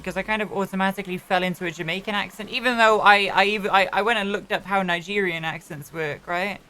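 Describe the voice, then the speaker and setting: A woman's voice: on the low side, pushed and bright, smooth. A woman streamer chatting casually while roleplaying, rambling with many restarts and the odd swear. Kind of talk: casual chat.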